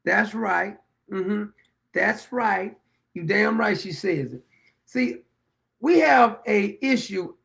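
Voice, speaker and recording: A man's voice: high voice, lively intonation, slow pace, gravelly, pauses often, fairly bright tone. A middle-aged man hosting his own show, delivering a blunt, preachy, rambling opinion monologue. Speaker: show host.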